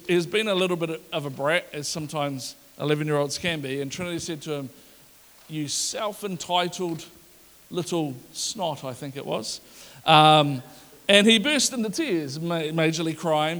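A man's voice: fairly high pitch, normal speed, fairly bright tone, in a large hall. A man preaching a sermon as a pastor, conversational and joking, asking the congregation questions.

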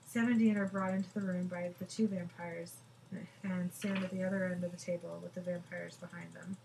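Woman narrating TV scenes briskly. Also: on the low side, level tone, gravelly, a little mellow, slight background noise, rough recording. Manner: brisk, matter-of-fact, breaks into laughs. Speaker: podcast host describing a TV episode. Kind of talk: reading out scene description and dialogue.

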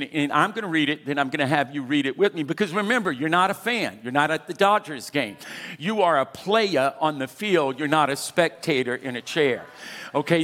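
A man's voice: fairly high pitch, fairly bright tone. A man in his sixties preaching a sermon as pastor, emphatic and urging his congregation to respond. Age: 60s. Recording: long hall reverb.

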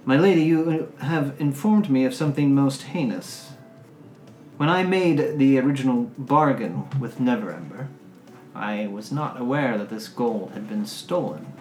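A man playing an ancient dwarf who talks in slow, formal, courtly phrases. The voice is set in a roomy space with faint music in the background. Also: mid-range voice, animated, darkish tone, natural voice. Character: ancient hunched male dwarf, courtly and genteel.

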